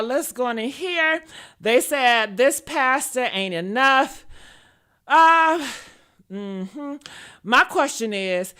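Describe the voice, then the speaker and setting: A woman's voice: on the high side, pushed and bright. A woman hosting opinionated commentary, talking bluntly and with sass, cursing freely. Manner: blunt, sassy, profane. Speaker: host.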